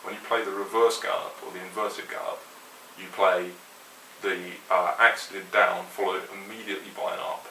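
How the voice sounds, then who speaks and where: A man giving a metal guitar lesson, explaining rhythms in a relaxed, opinionated way and counting along to the click. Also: sits low, normal speed. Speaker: guitar teacher. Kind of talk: instructional explanation. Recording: roomy echo, mic at a distance, faint hiss.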